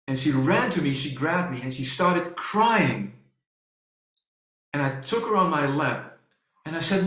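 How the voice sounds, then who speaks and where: A man giving a presentation and telling a personal story to an audience, halting, with many restarts and fillers. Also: mid-range voice, lively intonation, a bit bright. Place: presentation hall. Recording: echoey room.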